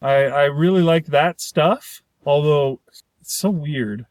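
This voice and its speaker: A man's voice: a little high, slow pace, a little mellow, no room sound. A man chatting casually about a film, rambling and restarting his sentences, often acting out the characters' lines. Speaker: podcast co-host. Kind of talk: casual movie review chat.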